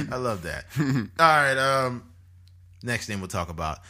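A young man co-hosting a casual podcast chat, blunt and loose, swearing freely with animated asides. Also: mid-range voice. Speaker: podcast co-host.

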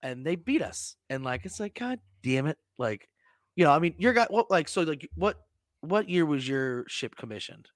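Guy hosting a podcast, kinda high voice, swears a lot, tells stories all animated, dead dry sound. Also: normal speed, no echo. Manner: profane, storytelling, animated. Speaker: podcast host. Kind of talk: casual podcast chat.

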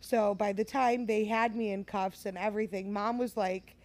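A woman in her twenties telling a story in casual chat, animated, laughing often and swearing. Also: medium pitch, moderate pace. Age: 20s.

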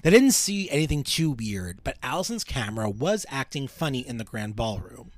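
A man's voice: medium pitch, big pitch swings, moderate pace, no room sound. A man co-hosting a podcast, telling ghost stories in casual chat with lots of restarts and fillers. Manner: rambling, with frequent restarts and fillers. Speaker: podcast co-host.

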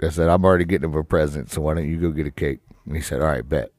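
A man co-hosting a podcast in relaxed, rambling chat with lots of fillers and some vocal fry, on a studio microphone. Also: very deep voice, rapid-fire, no echo. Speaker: podcast co-host.

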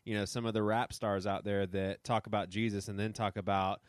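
An earnest male podcast host speaks from the heart in a deeper, resonant voice. The sound is close and dry, with almost no room to it. He talks sincerely in a casual chat. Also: little pitch movement, fairly quick, no echo.

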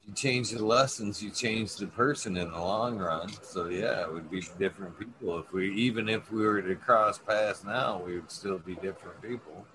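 A man hosting a casual livestream chat, relaxed and reflective. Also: fairly low pitch, moderate pace, few pauses, noisy background. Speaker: livestream host.

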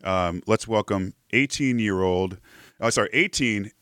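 A man's voice: lowish voice, measured pace, fairly bright tone, no echo, studio quality. A man hosting a live rugby show, chatting casually and laughing often. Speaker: podcast host.

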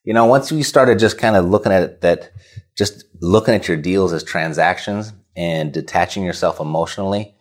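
Deep-voiced man co-hosting a casual podcast. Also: normal speed. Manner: conversational, rambling, self-correcting. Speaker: podcast co-host. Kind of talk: casual business podcast chat.

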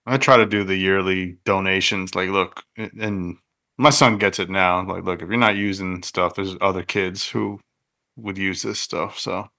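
Low gravelly man, laid-back. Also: fairly even intonation, normal speed, pushed and bright. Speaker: podcast co-host. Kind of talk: casual chat.

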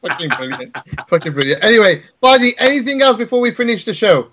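A man's voice: high-pitched, big pitch swings, quick pace, bright, forceful tone. Chatty, sweary male podcast host. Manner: casual, sweary, chatty thanks. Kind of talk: casual live podcast wrap-up.

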